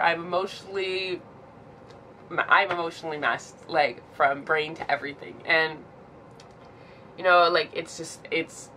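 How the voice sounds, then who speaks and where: A woman in her twenties talks through a personal vlog, emotional and close to tears, halting and restarting with many "like"s. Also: lowish voice, a bit bright, slight background noise. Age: 20s. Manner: halting, fills with "like", restarts often. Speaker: vlogger.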